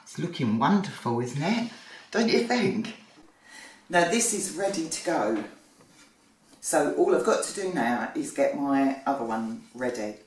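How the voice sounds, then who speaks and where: A home baker shows off a recipe in a roomy kitchen, chatting away, joking about her own slip-ups and thinking aloud with the occasional um. Her mid-range voice is sing-song and a little slow, picked up by a distant mic with a faint hiss or hum.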